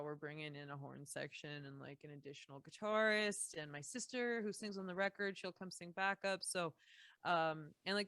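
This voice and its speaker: A woman's voice: lowish voice, a bit bright, no echo. A young Canadian woman from Saskatchewan, a musician guest chatting casually on a podcast with lots of fillers and restarts.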